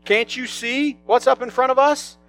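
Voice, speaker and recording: A man's voice: very high voice, fairly even intonation, moderate pace, fairly bright tone, soft background music, pitched above the performer's own voice. A man voicing a baffled talking donkey in a Bible story, pleading with its rider in a raised voice.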